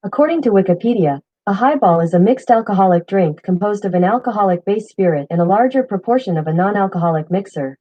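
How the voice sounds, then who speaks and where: A woman's voice: mid-range voice, fast talker, hardly any pauses, lo-fi sound. A synthetic woman's voice of a voice assistant, evenly reading out an informational answer. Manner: even, informational delivery. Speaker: voice assistant reading a search result. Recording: distant speaker playback picked up by mic.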